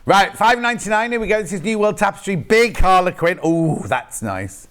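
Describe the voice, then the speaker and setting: A man's voice: high voice, expressive, moderate pace, a bit bright. A man presenting live on a shopping channel, chatting and joking in rambling asides while selling fabric in a TV studio.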